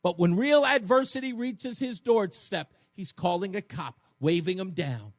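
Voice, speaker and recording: Guy hosting talk radio, high lively voice, mocking and emphatic, dead dry studio sound. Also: moderate pace, few pauses, dry recording. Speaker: radio talk show host. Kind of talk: fired-up talk radio monologue.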